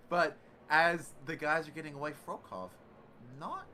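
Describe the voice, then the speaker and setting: A man giving excitable play-by-play commentary on a sim racing league, with quick bursts of excitement. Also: fairly high pitch, slight background noise. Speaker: race commentator.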